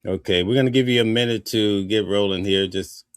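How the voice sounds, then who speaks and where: A man's voice: on the low side, fairly even intonation, fairly quick, clean tone, no room sound, clean studio sound. A man hosting a live news stream, talking casually with viewers and reading their comments. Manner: conversational, reads viewer comments aloud.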